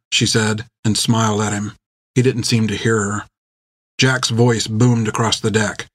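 A man reading an adventure novel aloud in measured, scripted narration on a close mic. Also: mid-range voice, flat delivery, dry recording. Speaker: audiobook narrator.

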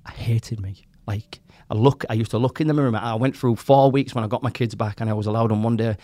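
Quick-talking man in his forties. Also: medium pitch, no room sound. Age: 40s. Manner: animated storytelling, swearing, quoting others. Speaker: podcast guest. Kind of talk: casual chat.

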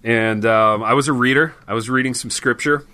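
A man's voice: mid-range voice, steady tone, fairly quick, sharp tone, dry recording. A man co-hosting a podcast, telling stories in loose, joking banter and calling everyone "dude.". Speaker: podcast co-host.

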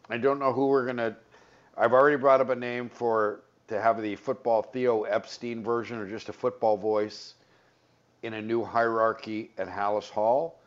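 A man hosting a sports radio show, rambling and joking, quick to laugh. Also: on the low side. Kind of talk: casual sports radio talk. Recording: slightly dull radio broadcast audio.

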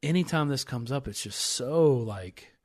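A man's voice: medium pitch, expressive, measured pace. A man hosting a casual faith discussion, talking things through conversationally with restarts and reading scripture aloud with rising emphasis.

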